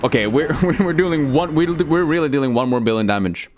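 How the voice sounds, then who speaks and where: A man's voice: fairly high pitch, lively intonation, brisk, darkish tone, slight background noise. A young man, chatting casually and cursing as he streams a game and answers chat. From Sweden. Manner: loose and profane, reads chat aloud, many fillers.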